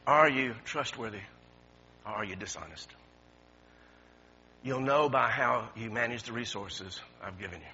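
A pastor preaching a sermon, swinging from quiet talk to shouting and repeating his words. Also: medium pitch, a little slow, long pauses, slight background noise. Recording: dull lo-fi recording.

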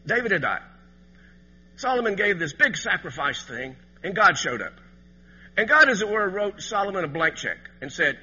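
A man preaching a sermon as pastor, swinging from quiet asides to loud emphatic passages. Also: high-pitched, sing-song, normal speed, slightly rough, in a large hall, muffled recording.

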